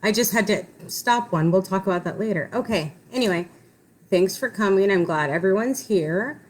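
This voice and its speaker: A woman's voice: medium pitch, moderate pace. A middle-aged woman, a therapist, chatting casually and a bit self-deprecatingly to viewers on a live stream, swearing now and then.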